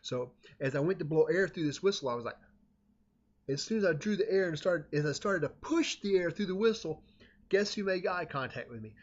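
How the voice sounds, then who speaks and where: A man's voice: fairly high pitch, fairly quick. Rambling man telling a story, muffled. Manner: rambling, self-interrupting, animated. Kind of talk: casual anecdote telling. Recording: dull lo-fi recording.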